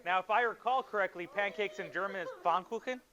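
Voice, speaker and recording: A man teaching a high school math class, quizzing students and joking with them in a classroom. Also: fast talker, sharp tone, lo-fi sound. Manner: instructive, asks students questions.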